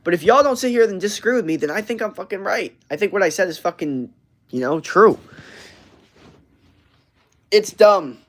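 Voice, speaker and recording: A man's voice: high voice, lively intonation, quick pace. A young man hosting a livestream, chatting casually in a brash, profane, rambling way with lots of fillers and restarts. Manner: reads and answers live chat messages. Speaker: livestream host.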